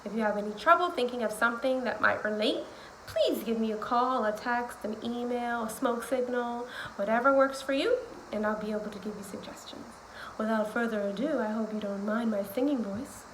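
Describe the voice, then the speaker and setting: A woman's voice: on the high side, brisk, a bit bright, echoey room, slight background noise, rough recording. A woman speech teacher giving friendly, upbeat instructions to parents, chatty with playful asides.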